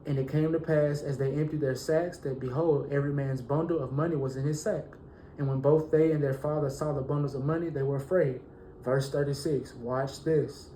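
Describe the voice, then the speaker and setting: A man teaching a Bible lesson, reading verses slowly and then preaching with rising fervor. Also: fairly high pitch, fairly even intonation, warm tone, roomy sound, slight background noise, poor audio.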